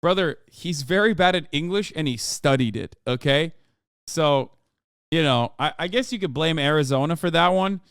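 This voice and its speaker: Sarcastic guy streamer riffing and swearing, turkish native, clear smooth voice, dry close mic, bit high for a dude. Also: moderate pace, no echo. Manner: sarcastic, profane, animated riffing. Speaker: streamer and political commentator. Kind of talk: casual livestream reaction commentary.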